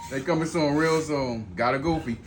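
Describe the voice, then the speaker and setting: A man's voice: on the high side, normal speed, over music. A man hosting a food challenge from behind the camera, teasing and laughing in a laid-back way. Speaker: challenge host filming. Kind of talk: casual challenge video.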